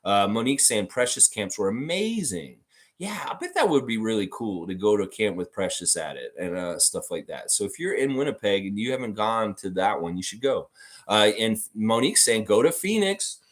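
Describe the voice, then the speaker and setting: A man's voice: lowish voice, lively intonation, moderate pace. A man hosting a casual live stream, rambling and reading viewer comments aloud. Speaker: livestream host.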